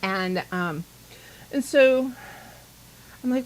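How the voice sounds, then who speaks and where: A woman hosting a pagan talk show, telling a rambling, animated story in casual chat and acting out the dialogue she quotes. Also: mid-range voice, unhurried, low-quality recording.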